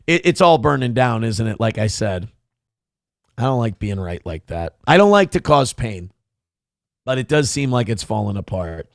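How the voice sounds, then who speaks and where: A male live-show host rants with a gravelly edge, his pitch swinging widely. He is sarcastic and foul-mouthed and reads chat messages aloud. The sound is dry and close, with no room around it. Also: big pitch swings, normal speed, no echo. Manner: profane, ranting, sarcastic. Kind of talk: live-stream rant reading chat.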